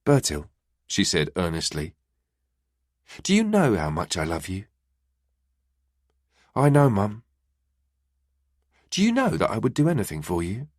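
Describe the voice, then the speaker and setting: Mother figure, voiced by a male narrator: affectionate, teasing, lively. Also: on the low side, normal speed, long pauses, no room sound, studio quality. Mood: tender. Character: warm tired mother, adult woman. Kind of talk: audiobook dialogue.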